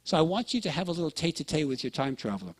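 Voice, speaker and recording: A man's voice: fairly high pitch, big pitch swings, very fast, slightly rough. A man giving a lecture to an audience, telling stories and often checking in with listeners. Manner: storytelling, acts out quoted dialogue; addresses listeners with frequent check-ins.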